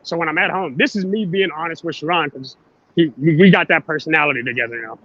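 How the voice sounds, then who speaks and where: A man's voice: fairly high pitch, quick pace, fairly bright tone, muffled recording. A man co-hosting a casual live stream, talking bluntly and plainly. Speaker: show co-host.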